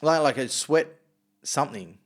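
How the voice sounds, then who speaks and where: A man's voice: on the high side, normal speed. A man hosting a podcast in casual chat, laid-back, mostly giving short agreeing replies with casual swearing. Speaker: podcast host.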